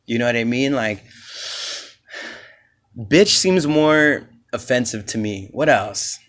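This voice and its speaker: A man's voice: medium pitch, lively intonation, takes it slowly, fairly bright tone. A man hosting his own comedy podcast alone, telling stories casually in a loose, profane, rambling way and acting out the voices of the people he quotes. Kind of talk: casual solo podcast chat.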